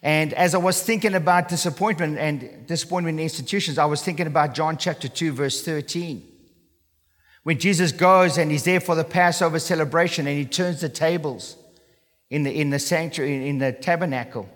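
A man's voice: fairly high pitch, a little fast, a bit bright. A man preaching a sermon as a pastor, earnest and emphatic, often checking in with his listeners. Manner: earnest, emphatic, asks for assent with "okay?". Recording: long reverb in a large hall.

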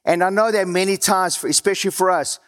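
A South African man preaching a sermon, his voice sitting a little higher than most men's. He talks conversationally and lets his phrases sink low and soft at the ends. A long reverb trails after his words, as in a large hall. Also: a little fast. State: dry mouth.

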